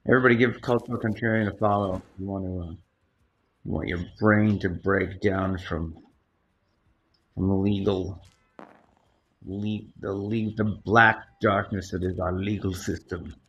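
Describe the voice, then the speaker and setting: A man's voice: steady tone, a little slow, fairly bright tone. A man hosting a casual livestream, chatty and greeting viewers over and over while he plays a board game. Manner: chatty, greets viewers repeatedly, sings high hellos. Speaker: livestream host. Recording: dull lo-fi sound with faint noise.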